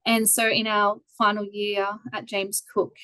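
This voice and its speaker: Casting: Australian woman in her thirties, animated storyteller, video call guest, dry close sound. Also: medium pitch, a little slow, clear, resonant tone, no echo, low-quality recording. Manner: lively, animated storyteller who acts out quoted voices. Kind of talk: casual storytelling interview.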